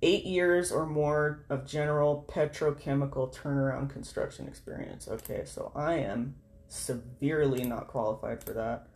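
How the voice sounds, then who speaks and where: A woman's voice: a bass voice, normal speed, darkish tone. A woman vlogging at home as she job hunts on her computer, muttering to herself, swearing freely and reading job listings aloud. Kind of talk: casual talk while job hunting online. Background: keyboard typing.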